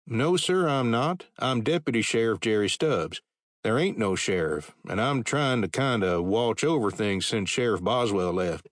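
A man puts on a skittish young frontier deputy who squeaks and hurries through his words, raised well above the narrator's own deep register. It is a dry, close audiobook reading. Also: expressive, unhurried, no room sound. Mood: nervous. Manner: squeaky, flustered. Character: nervous slight young male deputy.

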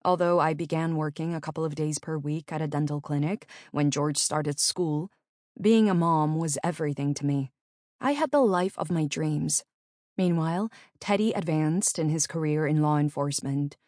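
A middle-aged woman narrating her own memoir in an earnest, measured storytelling manner. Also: sits low, darkish tone, no room sound, studio quality.

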